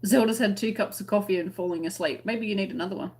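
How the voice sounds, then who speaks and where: A woman with an Australian accent chats casually on a crochet live stream and reads out viewers' comments as they arrive. Her voice sits at a middle pitch, and she keeps the talk friendly and light, laughing often between remarks. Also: quick pace, darkish tone. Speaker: crochet channel host.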